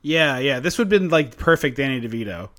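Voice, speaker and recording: A man co-hosting a podcast in casual chat, chatty and quick to laugh as he retells things. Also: medium pitch, animated, a bit bright. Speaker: podcast co-host.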